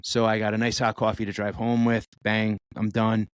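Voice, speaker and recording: A man co-hosting a podcast, telling an animated story with lively swearing and acted-out voices. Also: lowish voice, normal speed, smooth, dry recording, studio quality. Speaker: podcast co-host. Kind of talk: casual chat.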